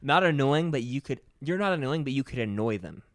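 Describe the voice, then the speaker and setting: A man's voice: mid-range voice, animated, a little fast, dry recording. Teasing, laughing man on a podcast, dry recording. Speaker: podcast co-host. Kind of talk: casual chat.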